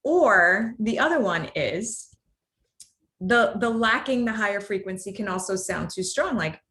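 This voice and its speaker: Lady running a work workshop on tough talks, chatty, middle pitch. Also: animated, measured pace, fairly bright tone. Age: adult, parent of children. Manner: conversational, demonstrates tones with exaggerated acted examples. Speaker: workshop presenter. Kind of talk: presenting a workplace communication workshop.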